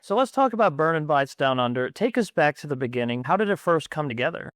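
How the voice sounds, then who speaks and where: Clear-voiced male podcast host. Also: a little high, animated, quick pace, fairly bright tone, dry recording, clean studio sound. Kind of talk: interview hosting.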